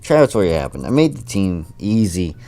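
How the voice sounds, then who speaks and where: A man reading the lines of a cheerful, supportive young schoolgirl in a dating game, in a low voice with a lively, swinging pitch. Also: fairly quick. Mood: encouraging. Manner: upbeat, encouraging, read aloud from game text. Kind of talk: reading visual novel dialogue.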